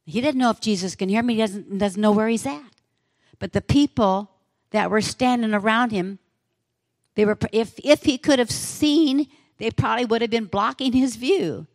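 A woman's voice: a little high, moderate pace, no room sound, studio quality. A woman preacher delivering a sermon, telling a story in a vivid, dramatic way.

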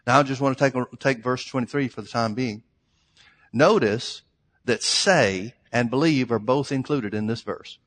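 A man's voice: medium pitch, normal speed, fairly bright tone. A man preaching a sermon, emphatic, stretching out the scripture lines he reads. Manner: emphatic, reads scripture in old-style phrasing. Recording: long hall reverb.

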